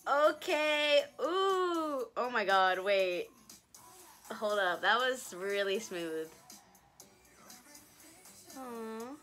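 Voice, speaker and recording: A woman's voice: mid-range voice, drawn-out words, long pauses, pushed and bright. A young woman chatting casually in a reaction vlog, gushing and breaking into laughs and gasps. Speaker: vlogger. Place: at home, sitting down. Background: music video playing faintly.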